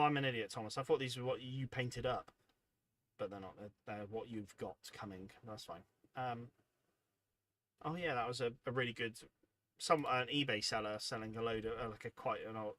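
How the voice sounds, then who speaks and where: Tired, chatty man with a bright voice. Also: medium pitch, no room sound. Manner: chatty, rambling, self-deprecating. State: tired, yawning. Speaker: livestream host. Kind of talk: casual livestream chat reading viewer comments.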